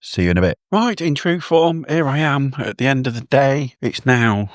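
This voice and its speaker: A man's voice: mid-range voice, animated, normal speed, no echo, clean studio sound. A British man keeping a casual, rambling video diary, chatting to his phone camera with a self-deprecating manner. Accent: British English. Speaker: vlogger.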